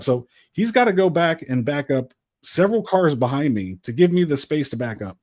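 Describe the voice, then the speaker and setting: Animated man telling a story. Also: fairly high pitch, moderate pace, no echo, clean studio sound. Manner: animated, exasperated retelling with acted quotes. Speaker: podcast co-host. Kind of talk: casual storytelling.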